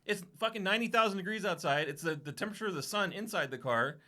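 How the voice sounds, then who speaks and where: A man telling a profane, animated story on a casual podcast, acting out what everyone said. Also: high voice, fast talker. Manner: profane, animated anecdote-telling with acted-out quotes. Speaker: podcast co-host.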